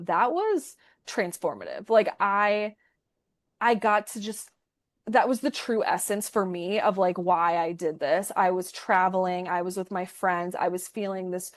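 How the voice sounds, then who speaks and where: A young woman speaks in an effusive, heartfelt way, stumbling and restarting as she talks about what a program meant to her. Her voice sits at an ordinary pitch for a woman and sounds close and dry, with no room echo. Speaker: program participant giving a testimonial. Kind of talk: emotional conversational interview.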